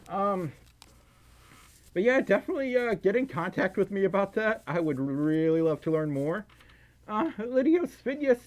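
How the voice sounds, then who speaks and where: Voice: medium pitch, a little mellow. A livestreamer chatting casually and reading out donations, often out of breath, giggling and stumbling over words.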